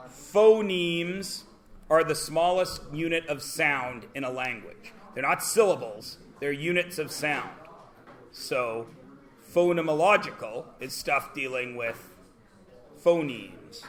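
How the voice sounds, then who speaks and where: A man's voice: fairly high pitch, animated, slow pace, a bit bright. A Canadian man teaching a math class in a classroom, chatty, asking the class questions and answering them himself.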